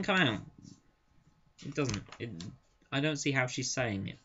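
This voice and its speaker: A man's voice: mid-range voice, expressive, unhurried, pauses often, bright, forceful tone. Chatty, sarcastic man, lo-fi. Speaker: comic book reviewer. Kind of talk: casual spoken review. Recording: dull lo-fi recording.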